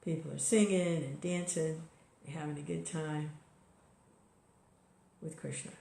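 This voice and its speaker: A woman's voice: deep voice, steady tone, a little slow, vocal fry, warm tone. Woman giving a casual spiritual talk, roomy sound. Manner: conversational, many fillers and "you know". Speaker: devotional speaker. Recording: echoey room recording.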